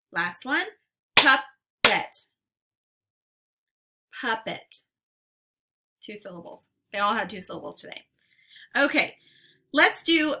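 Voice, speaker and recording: Teaching phonics to young children, a woman speaks patiently and deliberately, drawing out each sound and syllable. Her voice is mid-range with a sharp tone.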